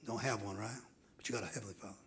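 A man preaching a sermon in a church, swinging from near-whispered lines to loud, hoarse shouting. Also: fairly low pitch, fairly even intonation, rapid-fire, low-quality recording. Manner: builds from hushed murmurs to hoarse shouting. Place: church sanctuary.

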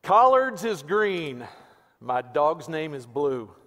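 A man voicing a folksy Texas redneck husband who recites a love poem in a slow, hammy drawl, recorded in a reverberant church sanctuary. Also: fairly high pitch, very animated, fairly bright tone, heavily acted.

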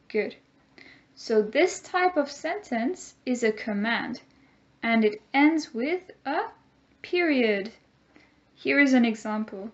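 A woman teaching a grammar lesson, speaking slowly and clearly and having the class repeat words after her. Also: fairly high pitch, animated, muffled recording. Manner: slow, clear teacher talk with call-and-repeat drills.

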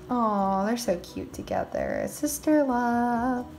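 A woman hosting a game roleplay video, talking casually and excitably as a mom, with frequent exclamations. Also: fairly high pitch, drawn-out words, faint music behind.

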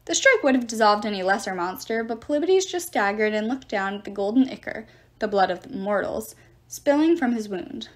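A woman reading a novel chapter aloud with expressive storytelling. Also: mid-range voice, moderate pace. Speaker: reader.

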